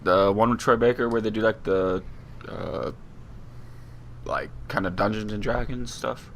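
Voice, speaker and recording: A man co-hosting a podcast, chatting in a jokey, excitable way. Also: fairly low pitch, unhurried, a little hiss or hum. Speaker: podcast co-host. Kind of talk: casual chat.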